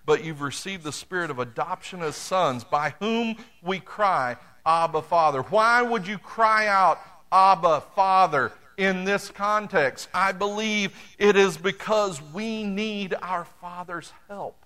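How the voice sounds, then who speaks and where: A man's voice: sits high, slow, few pauses, pushed and bright. A middle-aged man preaching a sermon, talking to the congregation in a conversational way with dry humor. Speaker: pastor.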